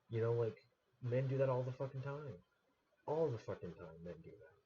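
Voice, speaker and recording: A man's voice: mid-range voice, lively intonation, a little fast, mellow, dull audio, slight background noise. A man streaming late at night, ranting profanely in a casual monologue.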